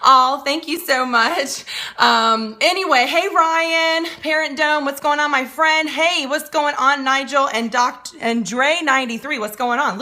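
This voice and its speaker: A woman streaming live as a coach, her voice bright and sitting a little high. She calls out viewers by name with energy, then turns earnest and heartfelt, close to tears. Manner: upbeat, greets viewers by name. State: holding back tears. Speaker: financial and business coach.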